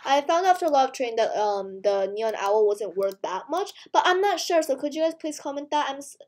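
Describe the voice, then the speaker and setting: A woman's voice: high voice, brisk. A woman hosting a gaming video, overexcited and tired, stammering and spluttering as she chats to her viewers. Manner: breathless, stammering and spluttering with excitement. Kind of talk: excited gaming vlog chat.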